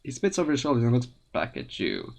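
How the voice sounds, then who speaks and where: Woman reading a game aloud, lively voice. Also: rumbling low, fast talker, vocal fry. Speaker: let's play narrator.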